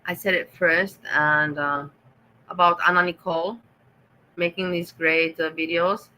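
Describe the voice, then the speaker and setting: A woman's voice: fairly low pitch, steady tone, a little slow, bright, forceful tone, poor audio. A woman with a German accent hosting a casual livestream, reading the chat and answering viewers with sarcastic teasing.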